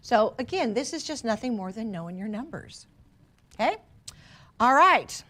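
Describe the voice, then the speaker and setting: A woman's voice: fairly high pitch, big pitch swings, normal speed, fairly bright tone. A woman real estate trainer leading a workshop for a live class, teasing her students with playful asides. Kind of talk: workshop presentation. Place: training room with a live audience.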